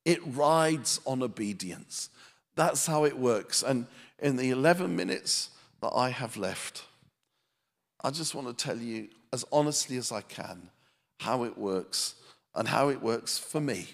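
Male preacher, gravelly, self-mocking storyteller, church hall reverb. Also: mid-range voice, lively intonation, a little slow. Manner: self-deprecating, comic timing, storytelling. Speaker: pastor. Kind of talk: sermon with humorous storytelling. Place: church meeting with a live audience.

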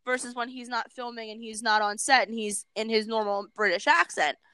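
Earnest woman with a smooth voice. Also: on the high side, fairly quick, bright, forceful tone, dry recording, rough recording. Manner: earnest, emphatic. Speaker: host. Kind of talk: casual chat.

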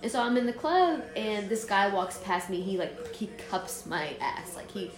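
A young woman from Jordan chatting on a podcast, telling stories with lively energy and plenty of swearing. Her voice sits in the middle of her range and rings out in an echoey room, with a little music faint behind her. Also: medium pitch, normal speed. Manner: animated storyteller, swears freely. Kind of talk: casual chat.

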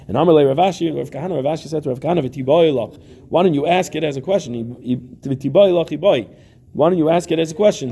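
Man with a low gravelly voice teaching. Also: warm tone. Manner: reads Aramaic text then translates, repeats phrases. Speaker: Talmud teacher. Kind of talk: Talmud lesson.

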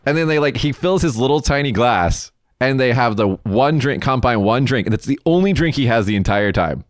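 Man, from the US, casual storytelling, lively pitch swings, profane, rambling, dry sound. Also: a little fast, dry recording. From United States.

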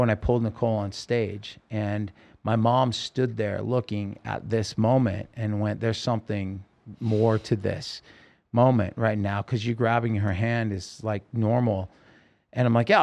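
A man with a medium-pitched, slightly mellow voice tells his story as a podcast guest. His casual interview storytelling is rambling and emotional, with many fillers.

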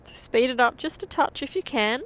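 A woman's voice: sits high, a little fast, a bit bright. Upbeat woman coaching a run. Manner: upbeat, encouraging, counts down. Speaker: running coach. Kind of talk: guided interval run coaching.

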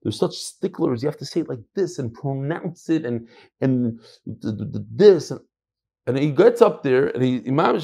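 Animated American rabbi teaching. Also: male voice, mid-range voice, normal speed, slightly rough. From United States. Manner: animated, emphatic, drops in Hebrew and Yiddish terms. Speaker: Torah teacher. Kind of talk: Talmud class lecture.

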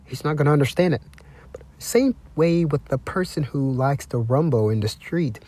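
A man hosting a talk broadcast, lecturing slowly and repeating himself while he speaks of himself in the third person. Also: a little high, animated, darkish tone. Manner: deliberate, repetitive, refers to himself in the third person; lecturing, with drawn-out emphasis and spelled-out words. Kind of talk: self-promoting monologue.

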